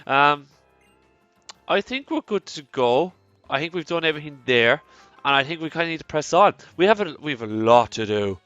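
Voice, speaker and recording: A man's voice: fairly high pitch, lively intonation, normal speed, a bit bright, smooth, dry recording. An Irish man hosting a let's play, talking casually and rambling with plenty of restarts and self-deprecating asides. The sound is dry, with faint music behind him. The recording is slightly dull. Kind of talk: casual gameplay commentary.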